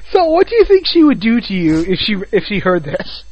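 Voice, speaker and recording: High-voiced young man on dull audio. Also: huge pitch swings, fairly quick. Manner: teasing, laughs often. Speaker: podcast host. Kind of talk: casual chat.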